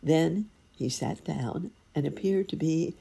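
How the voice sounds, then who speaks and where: A woman narrating a fairy tale in an expressive, lively storytelling manner. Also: deep voice, slow, gravelly, slight background noise.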